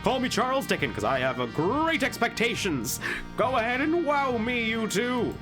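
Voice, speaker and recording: A voice actor reading a fan game aloud and voicing a loud, overexcited showman man with a grand, punning delivery. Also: medium pitch, big pitch swings, normal speed, music in the background, pitched above the performer's own voice, lightly acted, low-quality recording. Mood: excited.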